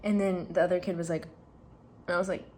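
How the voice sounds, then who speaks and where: A woman's voice: fairly low pitch, little pitch movement, fast talker, darkish tone, a little hiss or hum. Gushing young woman telling a story. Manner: gushing, rambling with many fillers. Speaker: vlogger. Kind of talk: casual storytelling to camera. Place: indoors, packing up a room.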